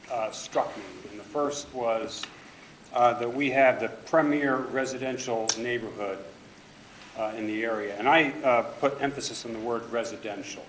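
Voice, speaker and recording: A man's voice: medium pitch, fairly bright tone, slight background noise. A man giving public comment at a city council meeting, pressing pointed objections with emphasis. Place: council chamber. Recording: echoey council chamber.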